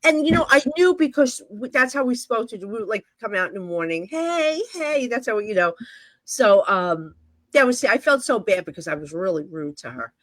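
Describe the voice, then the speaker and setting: A woman's voice: mid-range voice, expressive, fairly quick, fairly bright tone, no room sound. A middle-aged woman from New Jersey, a psychic medium telling stories in a casual interview, rambling and full of fillers like "you know".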